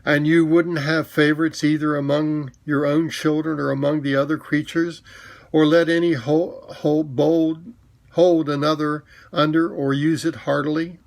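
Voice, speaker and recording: A man's voice: fairly high pitch, little pitch movement, a little slow, vocal fry. A man voicing a great noble male lion king in a storybook reading, speaking in a solemn, commanding and formal way.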